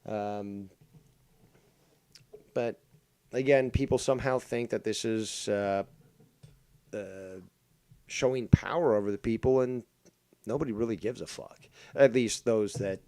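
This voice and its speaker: A man's voice: on the low side, measured pace, pauses often, a little mellow, no echo. A man hosting his own live stream, rambling in a profane, mocking way with many fillers and restarts. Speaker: livestream host. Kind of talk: casual live-stream rant.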